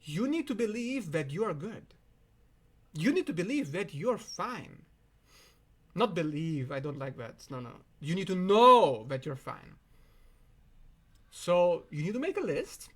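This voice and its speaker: A man's voice: high voice, sing-song, measured pace, long pauses. A man who is not a native English speaker, giving an emphatic, profane self-help monologue straight to the viewer. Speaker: self-help video host. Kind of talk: direct-to-camera monologue.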